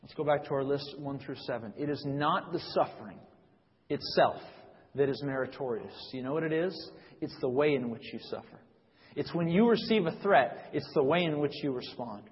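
A man's voice: medium pitch, animated, moderate pace. A young adult man preaching a sermon, talking conversationally with frequent restarts and reading scripture with rising emphasis. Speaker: pastor. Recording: dull sound with long reverb in a hall.

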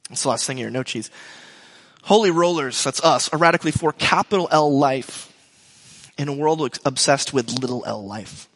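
A man's voice: mid-range voice, normal speed, a bit bright. A middle-aged man preaching a sermon in a loose, conversational way, full of restarts and asides. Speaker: pastor. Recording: long hall reverb.

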